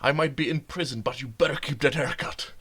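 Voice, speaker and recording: A man's voice: a little high, fairly quick, sharp tone, breathy edge, voice pushed up. A man voicing a scheming, contemptuous middle-aged villain father, with a smug, mocking manner.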